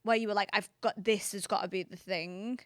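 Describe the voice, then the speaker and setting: A woman hosts a podcast interview, conversational and encouraging as she asks questions. Her voice sits at an ordinary pitch, and the sound is dry and close. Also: fairly even intonation, fairly quick, fairly bright tone, no room sound. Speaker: podcast host. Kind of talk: casual interview.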